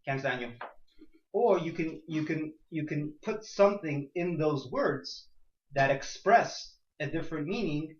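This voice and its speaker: A man teaching a class, firing off rhetorical questions and swinging between quiet points and loud emphatic ones. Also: measured pace, slight background noise. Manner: rhetorical questions, sudden rises in pitch and loudness. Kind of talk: class discussion. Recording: echoey room, dull lo-fi sound.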